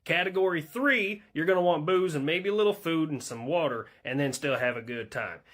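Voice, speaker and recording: Brief: rowdy man, voiced by a man, loud and bright. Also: a little high, a little fast, pitched above the performer's own voice. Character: rowdy Florida man, carefree party-lover.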